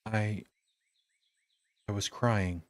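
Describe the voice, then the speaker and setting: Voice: medium pitch, fairly even intonation, drawn-out words. A streamer reading a hesitant, weary young man. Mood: evasive. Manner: hesitant, stammering, awkwardly joking. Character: weary young man hiding his distress. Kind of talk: reading a story game aloud.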